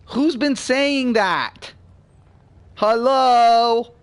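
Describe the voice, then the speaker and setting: A man in his forties with a high-pitched voice rants bluntly and heatedly about a game, swearing freely. He drifts between low, muttered grumbling and loud, excited bursts, talking casually like a streamer mid-session. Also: unhurried. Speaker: gaming channel host. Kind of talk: casual gameplay rant.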